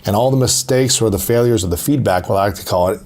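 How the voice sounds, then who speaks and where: A man's voice: fairly low pitch, fast talker, darkish tone. Curious man asking probing questions. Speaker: interviewer. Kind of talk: interview conversation.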